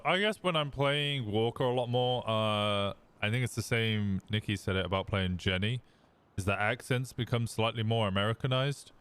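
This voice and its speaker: Smooth-voiced man with an English Midlands accent. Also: fairly low pitch. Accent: English Midlands, fairly posh. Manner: relaxed, rambling, reads chat aloud and answers. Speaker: streamer. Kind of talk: casual chat with viewers.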